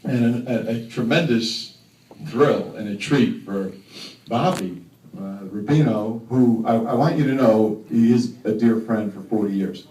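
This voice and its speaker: A middle-aged man in his fifties giving a rambling, emotional thank-you speech as an honored mayor, stammering and joking. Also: mid-range voice. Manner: warm, rambling, stammering restarts, joking asides. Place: banquet hall. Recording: echoey hall from far off, faint noise.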